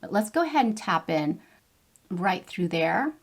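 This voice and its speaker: A middle-aged woman talks straight to her viewers in a casual beauty review. Her voice sits at an ordinary middle pitch, and her delivery is bubbly and chatty, full of playful asides. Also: sing-song, measured pace. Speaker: beauty vlogger. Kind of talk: casual makeup review to camera.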